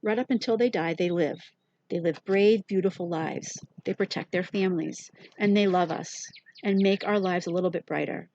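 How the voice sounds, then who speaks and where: A woman voicing a gentle, anxious mother who speaks softly and soothingly to her sick son. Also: fairly low pitch, normal speed, dry recording, dull audio, close to an everyday voice. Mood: tender. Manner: soft and soothing.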